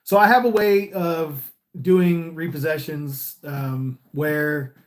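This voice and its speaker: A man's voice: a little high, fairly even intonation, slow. A man from California chatting casually on a live stream, reading viewer comments in an easygoing, smiley, rambling way. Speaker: repo agent and YouTuber.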